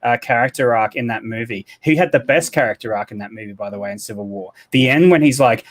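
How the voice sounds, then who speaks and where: A man hosting a live online debate, talking in an animated, rambling way and often repeating himself. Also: mid-range voice, fast talker. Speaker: stream host. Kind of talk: casual live-stream debate.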